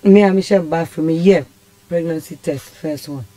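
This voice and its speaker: A woman's voice: low voice, moderate pace, dark tone, no room sound. A Ghanaian woman telling a personal story as a radio guest, impassioned and rambling. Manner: impassioned, rambling, switches languages. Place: radio studio.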